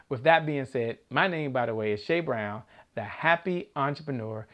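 A man's voice: mid-range voice, moderate pace, fairly bright tone. A man hosting a motivational broadcast, telling a story and chanting affirmations to rouse his listeners. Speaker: show host.

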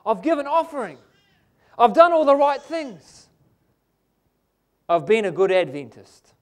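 A man's voice: extremely high pitch, sing-song, unhurried. A man with a New Zealand accent preaching a sermon in a church, emphatic and asking the congregation "amen?".

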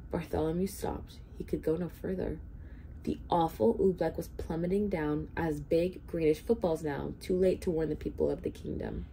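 A woman volunteer reading a children's storybook aloud in an expressive, steady way. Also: sits low, normal speed, gravelly, slight background noise. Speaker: hospital volunteer reader.

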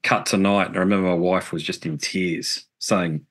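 Deep-voiced man, earnest storyteller. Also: steady tone, normal speed, fairly bright tone, breathy edge. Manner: earnest, reflective storytelling with casual swearing. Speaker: podcast guest, musician. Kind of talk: casual interview chat.

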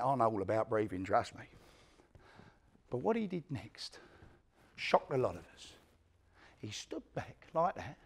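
Using a full character voice that is husky, medium-pitched and marked by vocal fry, a man performs a one-man play as an ageing East London career criminal. The monologue is blunt and full of swearing.

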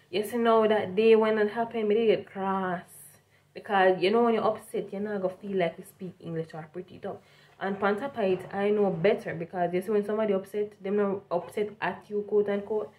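A young Jamaican woman with a strong accent tells a story for her vlog, casual and animated, switching between standard English and Jamaican Patois. Her voice is medium in pitch, and the audio sounds narrow and tinny.

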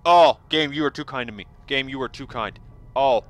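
Excitable high-voiced man playing a game. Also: fairly quick, dry recording. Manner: excitable, yelps and gushes over finds. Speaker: gaming video host. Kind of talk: excitable let's-play commentary.

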